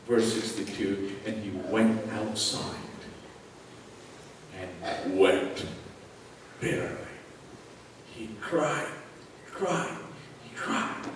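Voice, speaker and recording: A man's voice: on the low side, takes it slowly, long pauses, distant mic, slight background noise. Impassioned male preacher in an echoey hall. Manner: impassioned, rhetorical, repeating questions. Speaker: pastor. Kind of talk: sermon.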